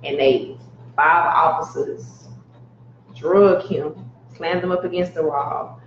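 A woman's voice: sits low, steady tone, slow. A woman, telling her story on a casual podcast and acting out the voices of the people she quotes. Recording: roomy, dull lo-fi sound with faint noise.

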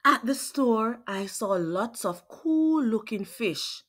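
Slow, expressive woman reading to kids. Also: a little high. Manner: slow, expressive, asks questions of listeners. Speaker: children's read-aloud host. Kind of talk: reading a picture book to children.

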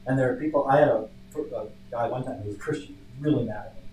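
A man leading a church Bible study as pastor, teaching conversationally and telling stories with lively emphasis. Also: medium pitch, fast. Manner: conversational, storytelling, animated emphasis. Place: church meeting room. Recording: echoey room from far off, faint hum.

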